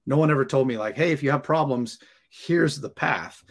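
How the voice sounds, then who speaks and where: A man's voice: mid-range voice, moderate pace. A firefighter being interviewed, telling his story casually and acting out the dialogue of the people in it. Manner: animated, acts out dialogue and laughs while telling. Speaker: firefighter guest.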